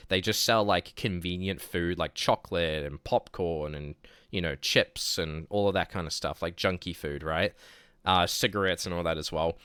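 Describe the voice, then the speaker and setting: A man's voice: deep voice, fairly bright tone, clean tone, no echo. A man from New Zealand with a New Zealand accent, telling stories in a loose, rambling streaming chat full of filler words. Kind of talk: casual chat storytelling.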